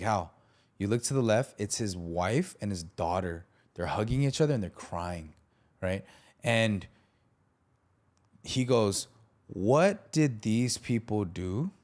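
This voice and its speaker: Fairly low and darkish in tone, this man hosts a faith podcast on a studio podcast mic. He tells a story animatedly, acting out the people in it.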